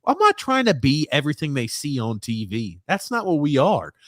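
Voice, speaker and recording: A man's voice: a little high, huge pitch swings, normal speed, no echo, clean studio sound. A man co-hosting a live hockey watchalong podcast, with a New York accent, teasing his co-host and reading viewer comments aloud. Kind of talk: live game watchalong chat.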